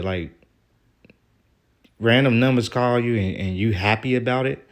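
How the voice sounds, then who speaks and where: A man's voice: medium pitch, moderate pace, long pauses, fairly bright tone, slight background noise. A man talking straight to the camera in a vlog, venting in a rambling, aggrieved way and swearing casually as he reads out old text messages. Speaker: vlogger. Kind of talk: venting vlog monologue reading out texts.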